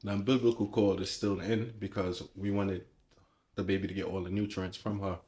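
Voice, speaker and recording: Excitable young man telling a story. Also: sits low, fairly quick, slightly rough. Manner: animated, excited storytelling with many restarts. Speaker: podcast co-host. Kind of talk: casual storytelling chat.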